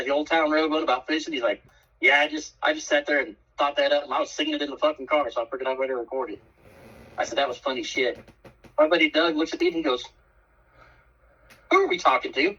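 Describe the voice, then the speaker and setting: A man's voice: medium pitch, breathy edge, recorded from a distance. A man in casual chat, telling blunt, profane stories. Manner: blunt, profane, lively storyteller. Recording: dull, muffled sound from off the mic.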